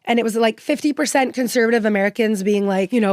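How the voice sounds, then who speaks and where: Fast-talking chatty woman podcast guest. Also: on the high side, no echo, clean studio sound. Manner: chatty, heavy use of "like" fillers; animated, enthusiastic storyteller. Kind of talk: casual storytelling chat.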